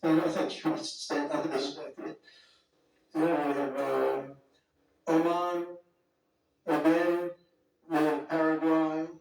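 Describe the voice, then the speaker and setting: A man's voice: a little high, flat delivery, slow, gravelly, long pauses, a little mellow. A man giving a rambling, off-the-cuff speech as a political leader at a summit, full of digressions and superlatives. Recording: very echoey hall, distant mic, faint music.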